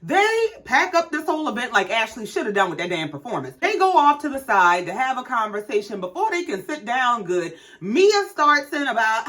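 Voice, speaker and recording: A woman's voice: a little high, very animated, a little fast, hardly any pauses, fairly bright tone. A woman giving a blunt, sarcastic, profanity-filled casual recap of a reality show episode.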